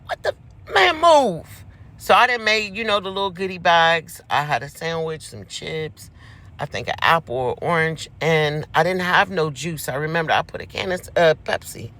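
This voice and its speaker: A man's voice: high voice, bright, forceful tone. A man telling a personal story in a casual, chatty way, speaking straight to the audience.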